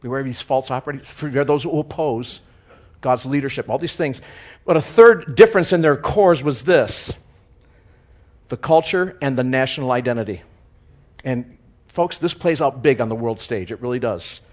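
A man preaching a sermon, swinging between loud emphasis and quiet joking asides, chuckling at his own lines. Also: medium pitch, moderate pace.

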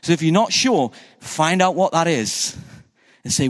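Pastor preaching in a reverberant hall. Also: male voice, fairly high pitch, animated, normal speed. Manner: conversational preaching with rhetorical questions to the congregation. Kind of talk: sermon. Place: church hall.

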